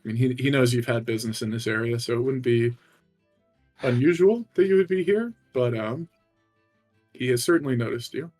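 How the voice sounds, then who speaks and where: A man's voice: mid-range voice, fairly quick, darkish tone, faint music behind. A man running a tabletop game as dungeon master, talking casually with lots of fillers. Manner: casual, lots of "uh" and "like", laughs along.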